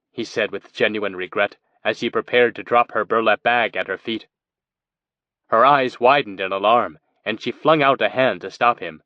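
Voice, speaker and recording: A man narrating a fantasy audiobook in a steady storytelling manner. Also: medium pitch, moderate pace, dry recording. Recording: dry, dull lo-fi recording.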